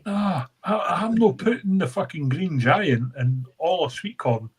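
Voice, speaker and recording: A man's voice: fairly high pitch, sing-song, measured pace, slightly rough, poor audio. A man who is a regular on a live chat show, talking in a rowdy, sweary way and laughing often. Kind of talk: casual chat on a live stream. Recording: faint background noise.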